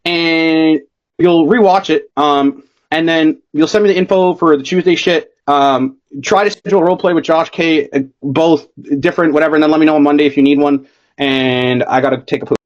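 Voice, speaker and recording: A man's voice: a little high, steady tone, brisk. A young man coaching a sales rep over a call, blunt and swearing constantly. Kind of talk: profane casual coaching call. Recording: dull lo-fi call audio.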